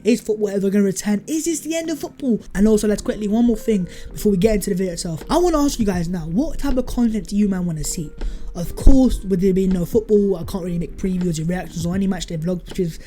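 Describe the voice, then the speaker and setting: A young man, talking fast and hyped in a football fan vlog, calling his viewers lads. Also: high voice, warm tone. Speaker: football vlogger.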